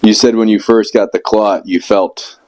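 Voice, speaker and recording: A low-pitched man co-hosting a relaxed podcast. He mostly listens, then cuts in with dry one-liners and quick questions. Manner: short joking interjections and follow-up questions. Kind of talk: casual chat.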